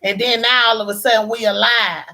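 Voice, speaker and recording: A woman host takes calls on her live stream, talking bluntly and with plenty of sass. Her voice sits high and comes out bright and sharp. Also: steady tone, fairly quick. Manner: blunt, sassy, casual. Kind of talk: live-stream call-in talk.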